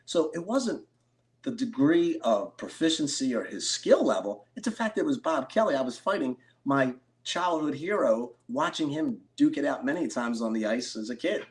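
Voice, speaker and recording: A middle-aged man from Philadelphia, a card collector and interview guest, telling stories with excited bursts. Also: medium pitch, normal speed. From Philadelphia, USA. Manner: animated storyteller, excitable bursts. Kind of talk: storytelling interview.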